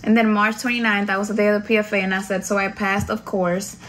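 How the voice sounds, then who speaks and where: A woman's voice: mid-range voice, little pitch movement, fast, a bit bright, a little hiss or hum. Slangy, blunt young woman vlogger. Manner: slangy, profane, candid. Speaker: vlogger recounting Navy boot camp. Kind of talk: casual storytime vlog.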